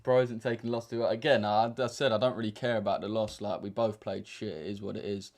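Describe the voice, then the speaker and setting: A man's voice: on the low side, fairly even intonation, quick pace, darkish tone. A young man chatting casually on a livestream as a trading streamer, bantering in slang with lots of fillers. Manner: laid-back slangy banter with frequent fillers.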